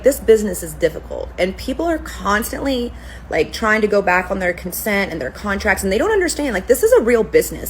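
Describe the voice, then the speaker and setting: A woman's voice: fairly high pitch, slight background noise, poor audio. A woman who runs a spa, telling a story to camera in a casual, profane rant. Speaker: spa owner, permanent makeup artist.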